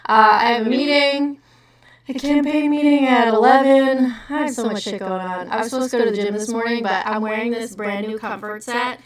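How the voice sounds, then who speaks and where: Hosting a livestream, a woman from New Jersey rambles through profane small talk and is quick to laugh, her Jersey accent clear. She sounds a little high and steady, recorded distantly in an echoey room.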